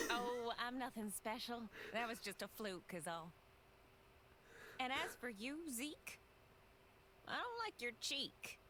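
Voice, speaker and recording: An actress voicing a sweet, motherly grown woman in a video game, speaking in a slow Southern drawl. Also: on the high side, sing-song, noisy background. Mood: folksy, sweet.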